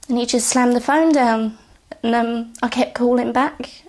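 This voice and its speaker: A woman speaks in a husky, gravelly voice, her words halting and often sinking to a near-whisper. Her delivery stays flat and even, and she sounds close to tears throughout. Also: on the high side. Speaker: bereaved sister giving testimony. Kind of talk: recounted personal testimony.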